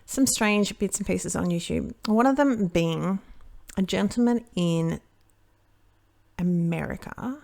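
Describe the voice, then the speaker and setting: A woman's voice: on the low side, takes it slowly, creaky, darkish tone. An Australian woman chatting casually while she crafts, telling a long rambling story that keeps interrupting itself. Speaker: card-making crafter.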